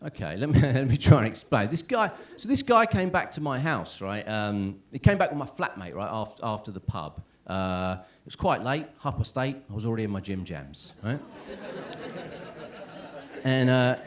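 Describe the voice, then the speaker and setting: Lively, rambling man in his thirties. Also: mid-range voice, normal speed. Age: 30s. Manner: rambling, self-deprecating, lots of "right?" and "yeah?". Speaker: stand-up comedian. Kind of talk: stand-up comedy set. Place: comedy club stage.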